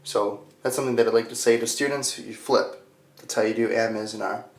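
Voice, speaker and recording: A man teaching a grammar lesson to English learners, playful and speaking slowly and clearly. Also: on the low side, steady tone. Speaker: ESL teacher.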